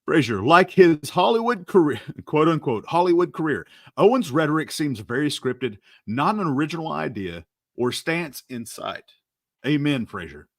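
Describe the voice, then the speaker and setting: Male stream host, casual rambling commentary, lively pitch, dry sound. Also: moderate pace, no echo. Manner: rambling, laughing, repeats words. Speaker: show host reacting to clips.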